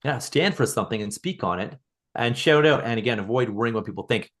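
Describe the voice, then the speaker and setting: A man's voice: medium pitch, lively intonation, fast talker, fairly bright tone. A man as a podcast guest, talking earnestly in casual conversation, often restarting and repeating words.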